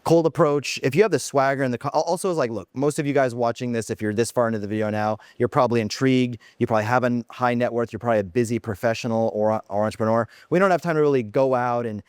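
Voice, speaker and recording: A man's voice: mid-range voice, fast talker, hardly any pauses, clear, resonant tone, no echo, clean studio sound. Brash man vlogging from his home office. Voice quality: brash, blunt, heavy filler words. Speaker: dating coach vlogger. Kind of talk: casual monologue.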